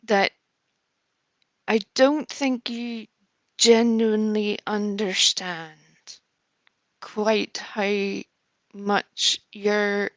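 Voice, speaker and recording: Speaking very slowly with long pauses, this woman has a mid-range, level voice and no room sound. She's a slightly nervous livestream host who chats casually, giggles, and warmly greets viewers by name.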